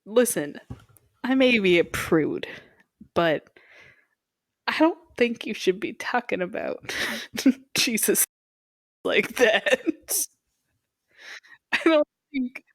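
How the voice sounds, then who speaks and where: A woman's voice: on the high side, animated, slow, long pauses, no room sound, clean studio sound. A young adult woman co-hosting a podcast in casual chat, teasing and arguing with her partner between giggles. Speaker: podcast co-host.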